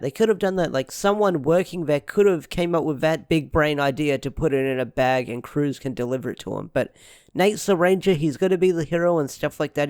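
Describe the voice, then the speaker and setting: A man's voice: fairly high pitch, darkish tone, clear, resonant tone, no echo, studio quality. A young man giving a casual, rambling review of a TV episode, repeating himself with lots of fillers. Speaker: show reviewer.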